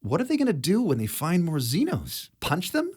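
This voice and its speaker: A male narrator puts on a wounded female officer, her voice raised high and clipped, breaking up as if spoken through a fan. She sounds hurt and weak but keeps asking questions. The pitch swings widely, from strained lows to alarmed highs. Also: huge pitch swings, moderate pace, a little mellow, slightly rough, heavily acted. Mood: alarmed, questioning. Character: injured female officer, lungs damaged.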